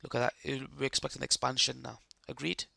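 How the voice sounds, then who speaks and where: Man, hoarse croaky voice, live trading commentary, explanatory, dry close sound, tense bright tone. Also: mid-range voice, little pitch movement, fast talker, no room sound. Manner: explains chart steps, keeps checking the viewers follow. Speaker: trading streamer.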